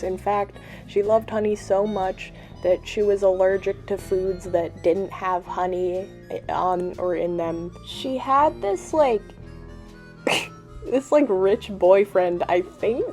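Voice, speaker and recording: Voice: medium pitch, fairly even intonation, slow pace, a little mellow, faint music behind. A vlogger chatting casually at home while cleaning a toy, rambling and often breaking off to laugh.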